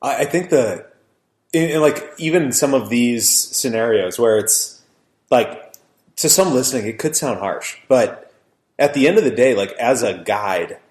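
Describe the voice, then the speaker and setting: Casual podcast host in an echoey room. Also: male voice, mid-range voice, lively intonation, unhurried. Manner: loose, filler-heavy reactions. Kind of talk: casual chat. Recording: roomy echo.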